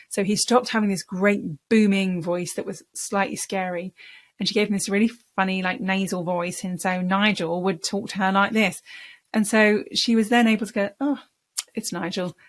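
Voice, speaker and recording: A woman speaking coach giving a lesson, explaining in a conversational way and repeating words for emphasis. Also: mid-range voice. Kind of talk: talking-head coaching lesson.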